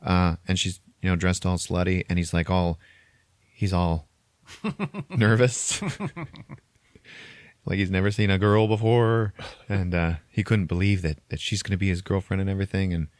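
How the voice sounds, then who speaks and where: A young man podcast host retelling a movie in casual chat, animated and profane and acting out the lines. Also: deep voice, moderate pace, pauses often, smooth, no echo.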